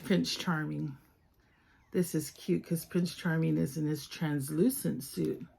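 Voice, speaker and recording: Woman unboxing little toys, slow and lowish, kinda creaky, soft almost-whispery gushing. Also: fairly even intonation, slight background noise. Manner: soft-spoken, often dropping to a whisper; gushing over each toy. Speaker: toy collector vlogger. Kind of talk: casual unboxing chat.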